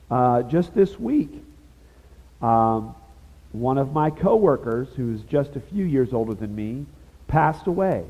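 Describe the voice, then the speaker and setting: Man, sermon, conversational and emphatic preaching, husky voice, dull lo-fi sound. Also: mid-range voice. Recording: dull lo-fi sound with long reverb.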